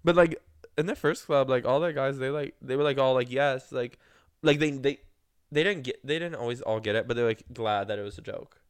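A young man in casual podcast chat, his voice smooth and clean. He rambles through his stories, packs them with fillers and jumps into animated impressions of the people he met. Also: mid-range voice, fairly quick, no room sound. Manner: rambling, filler-heavy storytelling with many 'like's; animated, acts out quoted people. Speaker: podcast co-host.

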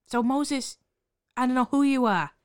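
A woman's voice: high voice, unhurried, clean tone, dry recording, clean studio sound. A woman playing a brash, profane basket seller in an improvised comedy sketch, talking with sarcastic dismissiveness. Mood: snarky. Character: brash foul-mouthed woman hawking hair baskets.

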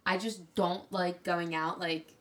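A woman in her twenties co-hosting a podcast, telling animated stories in casual chat and swearing freely. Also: lowish voice, slow pace. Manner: animated storytelling, heavy swearing. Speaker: podcast co-host.

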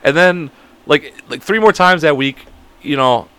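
A man's voice: on the high side, measured pace, fairly bright tone, smooth, no room sound. A young man from Chicago, a podcast host, tells a story in a rambling, profane, casual way. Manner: rambling, profane, full of fillers.

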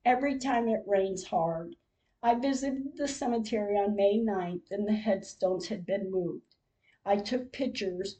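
Slow, mellow-voiced older woman recounting. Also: mid-range voice, poor audio. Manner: slow, measured storytelling with emotional moments. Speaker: podcast host. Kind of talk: reading a personal diary-style account.

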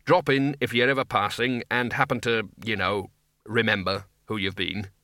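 A man's voice: fairly low pitch, steady tone, moderate pace, pushed and bright, dry recording, studio quality. A man doing a nervous blustering dean. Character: nervous pompous older male wizard.

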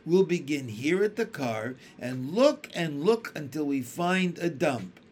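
A man's voice: a little high, sing-song, measured pace, darkish tone. A man reading aloud and voicing a practical, kind older sister who encourages the younger children. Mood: cheerful.

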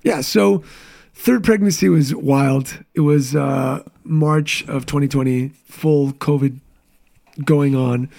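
A man in his thirties with a gravelly, slightly raised voice tells candid stories from his life in a relaxed interview chat. He talks with quick asides and restarts as the story pours out. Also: a little high. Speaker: guest, business coach.

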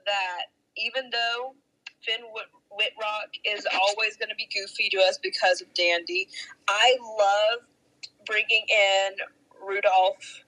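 A young woman co-hosting a podcast, talking enthusiastically and pausing on fillers as she thinks. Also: medium pitch, fairly even intonation, bright, forceful tone, low-quality recording. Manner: enthusiastic, with filler-laden pauses. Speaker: podcast co-host. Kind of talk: casual chat.

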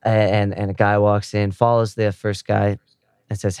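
Man, low voice, smooth and resonant, dry close sound, casual plot recap, loose storytelling. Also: flat delivery, normal speed, darkish tone, dry recording. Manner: loose storytelling, slipping into characters' quoted lines.

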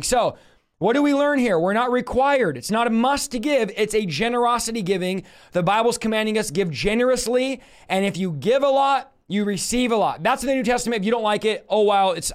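A man teaching a Bible study in an animated, emphatic way. He repeats phrases for stress and jokes with his viewers. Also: sits high.

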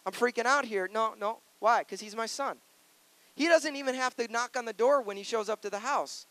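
A man's voice: very high voice, normal speed, a bit bright, no echo. A male pastor preaching a sermon, playful and conversational, earnest and personal.

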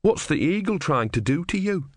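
Guy doing a jittery naive young monk, higher voice, dry close sound. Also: very animated, normal speed, dry recording. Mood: anxious. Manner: anxious, bewildered. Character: naive, earnest young male novice monk.

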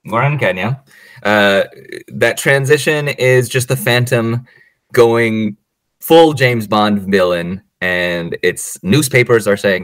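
Speaking slowly in a smooth, fairly low voice, this man retells a film on the podcast he co-hosts, performing the characters' quotes and breaking into frequent laughter. It's a casual, animated chat, recorded with no room sound.

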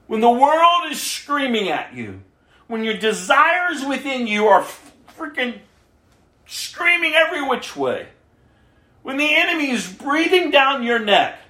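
A woman's voice: fairly high pitch, sing-song, a little slow, pushed and bright. A woman preaching a sermon, emphatic, acting out the prayers she quotes. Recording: roomy echo.

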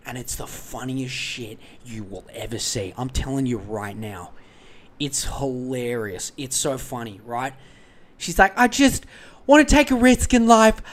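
A man's voice: medium pitch, fairly bright tone, a little hiss or hum. An Australian man hosting a podcast in a profane, rambling comedic rant. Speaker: podcast host.

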